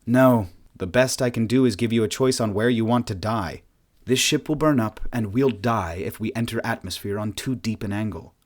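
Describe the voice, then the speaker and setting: A man's voice: on the low side, moderate pace, close to an everyday voice. A man voicing an irritable male alien pilot who growls and delivers grim news in a gloomy, bewildered way.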